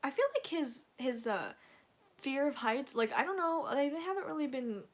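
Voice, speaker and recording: A woman with a high, animated voice hosts a casual livestream at normal speed. She chats to her viewers in a rambling, gushing way packed with fillers.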